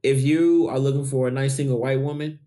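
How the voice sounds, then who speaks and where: A woman with a Louisville accent, chatting casually as a podcast co-host, blunt and profane with animated storytelling. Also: very deep voice, fairly quick. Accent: Louisville, Kentucky. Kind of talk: casual chat.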